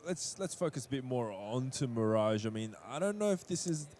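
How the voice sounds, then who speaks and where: A man's voice: mid-range voice, expressive, moderate pace, darkish tone. A young man leading casual esports commentary, friendly, giving context and tossing questions to his partner. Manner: friendly, hosting, sets up context and asks co-caster questions.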